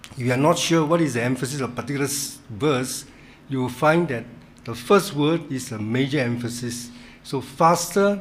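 A man leading a Bible study in a church, teaching in a halting way, repeating words and stressing key words. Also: medium pitch, a little hiss or hum.

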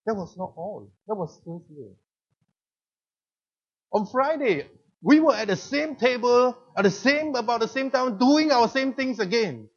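High-voiced Singaporean preacher, animated. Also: male voice, measured pace, muffled recording. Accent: Singaporean English. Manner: animated, rhetorical questions. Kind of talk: sermon with personal story.

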